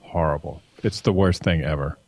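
A man in his thirties with a deep voice, teasing his co-hosts in a blunt, matter-of-fact way. The recording is dry and close, with no room sound. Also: a little fast, no echo. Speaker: podcast co-host. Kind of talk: casual chat.

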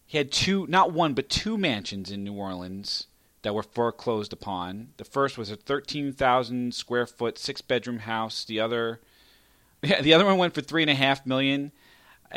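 A man co-hosting a casual comedy podcast, playful and quick to laugh. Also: medium pitch, a bit bright, no room sound. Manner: laughs often, playful, teasing. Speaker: podcast co-host. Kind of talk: casual banter.

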